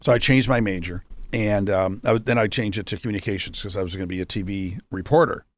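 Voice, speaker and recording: A man's voice: fairly low pitch, fast talker. A man in his fifties from Rochester, New York, a guest telling his story in a chatty, joking way with many asides. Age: 50s. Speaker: guest, entrepreneur. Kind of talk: casual storytelling.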